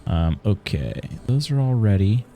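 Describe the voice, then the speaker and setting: A man's voice: lowish voice, unhurried, faint music behind. A man streaming a video game live, chatting casually and thinking aloud as he plays. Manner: relaxed, chatty, thinks aloud while playing.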